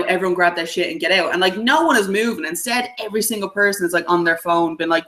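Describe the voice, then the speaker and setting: A podcast co-host telling a long story in casual chat, animated and swearing freely. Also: mid-range voice, fast talker, rough recording.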